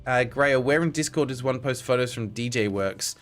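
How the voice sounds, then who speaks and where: A man's voice: medium pitch, normal speed, soft background music. A young man streaming a game, chatting to viewers with wry asides and the odd swear. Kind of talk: casual live-stream gameplay commentary.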